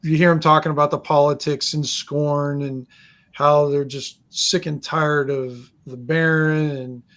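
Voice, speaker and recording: A man narrating a tabletop game as game master, rambling and halting with lots of fillers. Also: on the high side, level tone, a bit bright.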